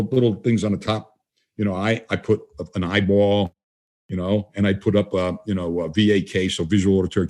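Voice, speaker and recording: An older man with a warm, lowish voice speaks as a guest trainer in a casual interview. He chats conversationally and acts out the dialogue he quotes while telling his stories.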